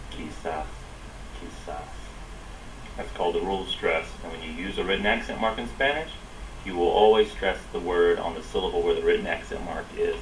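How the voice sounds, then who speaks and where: A man with a very low voice that still has a crisp, bright edge leads a Spanish lesson. He explains each rule and then drills the words slowly, saying them again and again. A faint hiss sits under the recording. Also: rough recording. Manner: slow, drilling repetition of words. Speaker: Spanish teacher. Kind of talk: classroom lesson.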